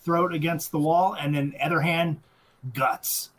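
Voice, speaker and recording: A man's voice: on the high side, fairly even intonation, measured pace, crowd noise. A man co-hosting a casual movie commentary chat, filling in plot details between short agreeing replies. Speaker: podcast co-host.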